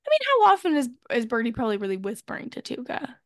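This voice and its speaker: A woman co-hosting a podcast, chatting casually and loudly as she recaps a TV episode and acts out the characters' lines. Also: on the high side, very fast, no echo, clean studio sound. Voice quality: loud. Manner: animated, acts out characters' lines when retelling. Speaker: podcast co-host.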